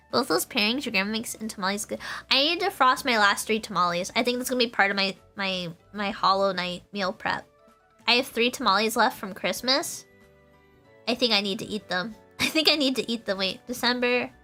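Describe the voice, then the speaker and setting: A woman's voice: medium pitch, a little fast, bright, forceful tone, faint music behind. A woman streamer chatting casually with her viewers, bubbly and rambling, laughing often. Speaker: vtuber streamer.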